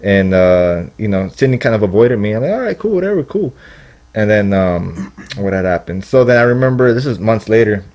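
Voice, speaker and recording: A man's voice: on the low side, brisk, darkish tone. A young man telling a long story in casual podcast chat, rambling and profane, acting out what people said. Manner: rambling, profane, acts out quotes. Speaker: podcast guest.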